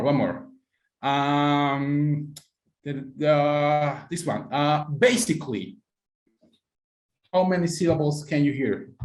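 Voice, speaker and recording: Man teaching pronunciation in an echoey room. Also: on the high side. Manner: patient, encouraging, calls on students by name. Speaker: English teacher. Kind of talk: online pronunciation class. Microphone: computer mic on a video call.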